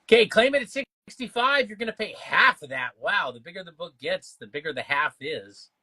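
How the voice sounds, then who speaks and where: Guy hosting a live comic sale, bright voice, chatty and upbeat. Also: high voice, lively intonation, husky. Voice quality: upbeat, quick banter and laughs. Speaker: livestream auction host. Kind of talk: live sales stream chatter.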